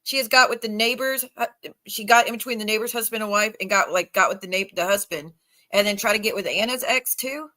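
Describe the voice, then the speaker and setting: A woman's voice: mid-range voice, fast talker, bright, forceful tone. A woman in a casual live call, asking incredulous questions. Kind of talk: casual chat.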